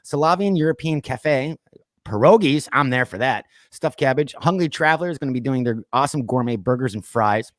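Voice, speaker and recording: A man's voice: mid-range voice, animated, brisk, a bit bright, dry recording, studio quality. A man hosting a casual pop culture podcast, chatting loosely and reading off lists with plenty of fillers. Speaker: podcast host. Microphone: streamed call mic.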